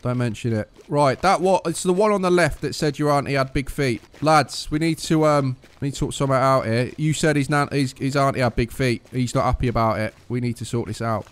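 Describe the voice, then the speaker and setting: A man's voice: medium pitch, a little fast, few pauses, clear, resonant tone. A young man, chatting cheekily and swearing while playing an online game. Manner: cheeky, joking, swears freely. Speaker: gaming video host. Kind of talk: casual game commentary over voice chat.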